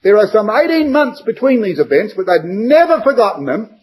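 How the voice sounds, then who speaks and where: A man's voice: sits high, very animated, normal speed, darkish tone, husky, rough recording. A man giving a verse-by-verse Bible study to a congregation, emphatic and full of rhetorical questions.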